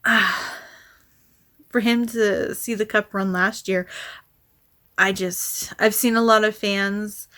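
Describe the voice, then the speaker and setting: A woman vlogger rambling casually, often sighing and restarting her sentences, speaking softly and sometimes trailing into a whisper. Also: mid-range voice. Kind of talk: casual rambling vlog chat.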